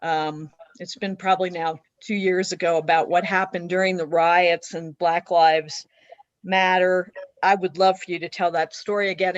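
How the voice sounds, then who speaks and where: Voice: medium pitch, no echo. A person on a video call asking a panelist to retell a story, in a chatty, friendly way. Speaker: panel audience member asking questions. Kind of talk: casual questions on a video call. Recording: dull, dry video call audio.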